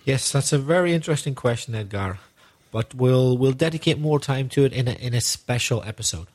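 A man co-hosting an English-learning podcast, speaking in a thoughtful, measured way. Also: medium pitch, animated, a little mellow. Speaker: podcast co-host. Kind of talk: relaxed podcast talk explaining language.

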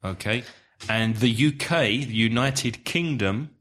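A man, co-hosting a relaxed chat, prompting with questions and short agreements. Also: mid-range voice, takes it slowly. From England. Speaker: podcast co-host. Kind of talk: casual chat, asking questions.

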